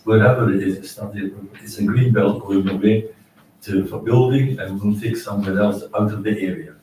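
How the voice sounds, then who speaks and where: Male councillor, emphatic and argumentative, somewhat low; far mic, noisy room. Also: fairly even intonation, normal speed, warm tone. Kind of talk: council meeting debate. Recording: echoey chamber, distant mic, background hum.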